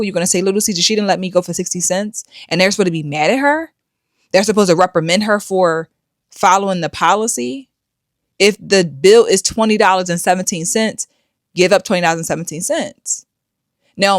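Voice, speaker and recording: A woman's voice: on the low side, dry recording, clean studio sound. A middle-aged woman hosting a commentary show, blunt and lecturing. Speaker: host. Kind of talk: commentary vlog.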